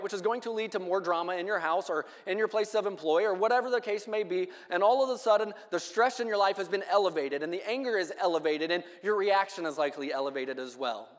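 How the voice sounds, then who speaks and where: A man's voice: high-pitched, big-room sound. A man preaching a sermon in a church, earnest and conversational, repeating phrases for emphasis.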